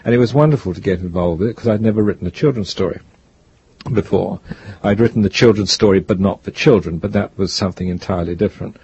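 An older man, a guest author, telling stories in an interview in a rambling, reflective way with a gravelly, husky voice. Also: on the low side, quick pace, dark tone, lo-fi sound, slight background noise. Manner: rambling, reflective, restarts often. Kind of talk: interview, storytelling.

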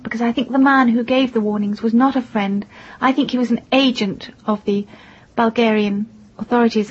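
A woman interviewee recounting events in a measured, composed way, with a husky voice. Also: on the high side, a little mellow. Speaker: interviewee, widow of the victim. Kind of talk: interview answers. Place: in London. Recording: dull lo-fi broadcast audio.

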